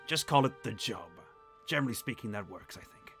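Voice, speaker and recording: A man's voice: lowish voice, animated, brisk, fairly bright tone, soft background music. A man running a tabletop game as game master, narrating casually and with animation.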